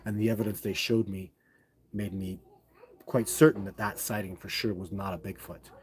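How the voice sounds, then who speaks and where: A man hosting a live stream, chatting casually and rambling as he answers viewer questions, often restarting sentences and getting excited. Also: on the low side, moderate pace.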